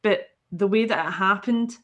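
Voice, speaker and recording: A woman's voice: mid-range voice, moderate pace, a bit bright. A Scottish woman, a podcast guest, telling a story casually and animatedly, swearing freely and acting out the people she quotes.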